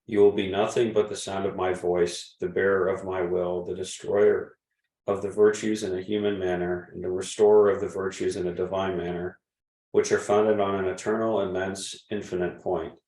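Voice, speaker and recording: A man with a very low voice reads a devotional passage at a steady, measured pace. The sound is roomy and echoey, and the mic sits some distance from him. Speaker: reader. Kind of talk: reading a devotional text aloud.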